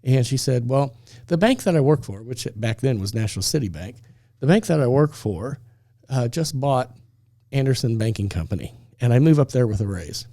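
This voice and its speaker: A man's voice: medium pitch, expressive, moderate pace, warm tone, no echo, studio quality. A man telling a personal story on a faith talk show, acting out the dialogue and laughing often.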